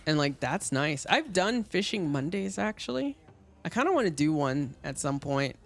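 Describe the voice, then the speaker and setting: A man's voice: on the high side, big pitch swings, normal speed, vocal fry. A man chatting casually and rambling with lots of fillers as he streams a game. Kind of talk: casual gaming stream chat.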